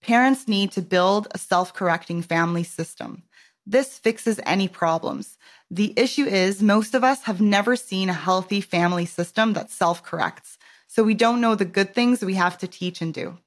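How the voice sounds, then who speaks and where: A woman's voice: medium pitch, moderate pace. Reflective woman podcast host. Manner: reflective, thinks aloud with fillers. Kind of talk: conversational interview.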